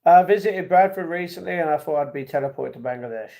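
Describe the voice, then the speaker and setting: A man's voice: fairly high pitch, quick pace, vocal fry, mellow. A man from the United Kingdom hosting a casual livestream, reading viewer comments aloud and reacting to them. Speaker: livestream host.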